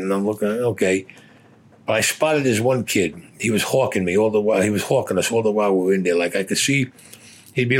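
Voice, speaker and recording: Husky older man telling war stories. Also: fairly low pitch. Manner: blunt, profane storytelling. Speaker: war veteran interviewee.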